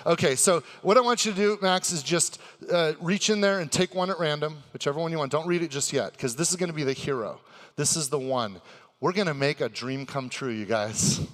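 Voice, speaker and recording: Male stage host, excitable crowd-hyper with a forceful, slightly high voice, breaks into shouts. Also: fairly quick, big-room sound. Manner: excitable, hype-building, bursts into shouts. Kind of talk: live stage hosting for a crowd. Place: convention stage before a live audience.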